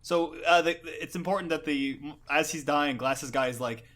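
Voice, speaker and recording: A man's voice: fairly high pitch, moderate pace, fairly bright tone. A man co-hosting a podcast, chatting and explaining plot details in casual talk. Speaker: podcast co-host. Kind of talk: casual comic book discussion.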